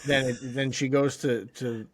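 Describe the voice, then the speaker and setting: A man co-hosting a podcast, talking in a relaxed, halting way about a TV episode. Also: medium pitch, crowd noise. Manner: relaxed, halting, with many likes and ums. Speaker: podcast co-host. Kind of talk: casual recap chat.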